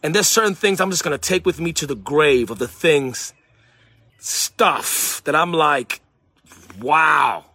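A man preaching in a conversational, animated way, slipping into acted-out phone calls and sudden excited exclamations. His voice sits high and sounds bright. He takes his time with the words, and the sound is dry and close. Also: measured pace, dry recording. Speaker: pastor. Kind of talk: sermon.

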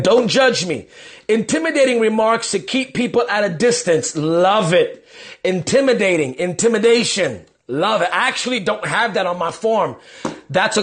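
A high-pitched male pastor from New York City talks loosely on a livestream. He is upbeat and keeps answering comments with short, repeated words of approval, as if working through a list. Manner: upbeat, repeats quick affirmations. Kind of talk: live-stream chat reading viewer comments.

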